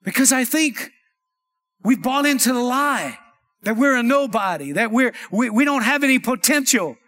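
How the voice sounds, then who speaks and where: A man's voice: very high-pitched, animated, moderate pace, bright, forceful tone. A male pastor preaching a sermon, calling out "amen" and "come on" to the congregation. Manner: preaching with call-and-response, repeated "amen" and "come on". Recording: long hall reverb.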